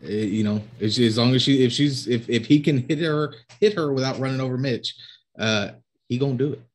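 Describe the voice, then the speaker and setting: A man playing a tabletop game, explaining his character's moves in a halting way, with restarts and fillers. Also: mid-range voice. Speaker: player. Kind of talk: casual tabletop play.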